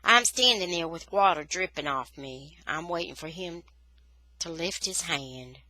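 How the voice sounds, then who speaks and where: A woman reading a children's novel aloud in a lively, expressive storytelling style. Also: fairly low pitch, a little slow, dry recording, poor audio. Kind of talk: expressive read-aloud narration.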